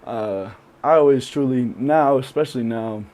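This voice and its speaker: A young man being interviewed on a podcast, speaking candidly and reflectively, with many pauses and fillers. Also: medium pitch, warm tone. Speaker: podcast guest.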